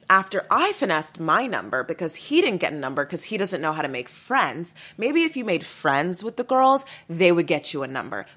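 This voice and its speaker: A woman hosting a podcast, telling a story in a blunt, animated, casual way and swearing freely. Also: mid-range voice. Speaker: podcast host.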